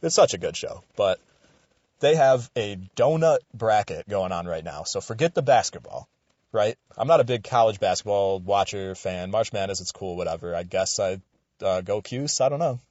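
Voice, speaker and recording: A young man with a fairly low voice rambles through a casual sports commentary, swearing freely and getting animated. He is recorded close and dry, and the sound is a little dull. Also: normal speed, dry recording. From Western New York. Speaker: radio show commentator.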